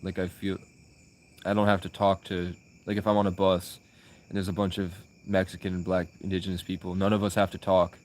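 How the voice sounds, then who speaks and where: A young man telling personal stories in a rambling, profane, casual way, full of restarts. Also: deep voice. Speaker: vlogger.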